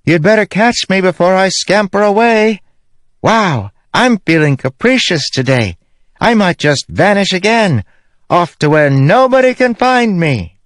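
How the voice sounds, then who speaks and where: A man's voice: sits high, measured pace, no echo, clean studio sound, voice pushed up, full character voice. A man voicing a playful, mischievous female spirit in an audiobook reading. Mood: teasing. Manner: teasing, excitable.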